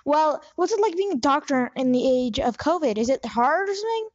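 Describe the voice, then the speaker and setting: A woman's voice: sits high, expressive, fairly quick, lo-fi sound. A woman hosting a comic improv interview, asking probing, incredulous questions. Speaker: interviewer host.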